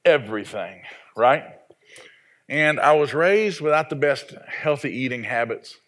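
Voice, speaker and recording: A man's voice: mid-range voice, lively intonation, measured pace, a bit bright. A man in his forties from the American South, a pastor preaching a sermon in a folksy, self-deprecating storytelling way. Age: 40s.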